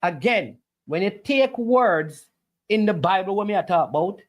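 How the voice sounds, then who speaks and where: Lively argumentative streamer. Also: medium pitch, moderate pace. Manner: argumentative, preachy, rhetorical questions. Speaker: livestream host answering chat. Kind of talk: casual argumentative livestream talk.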